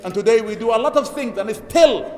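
A man preaching an Eid sermon in a mosque, exhorting his listeners with emphatic repetition and chanting Arabic scripture quotes quickly. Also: very high voice, expressive, a little mellow. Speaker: imam preaching. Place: mosque prayer hall. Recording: echoey hall with long reverb.

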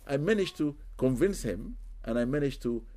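A man's voice: mid-range voice, expressive, normal speed, warm tone. A man, a Muslim spiritual healer, telling a story in an interview, with Arabic religious phrases and repeated words for emphasis.

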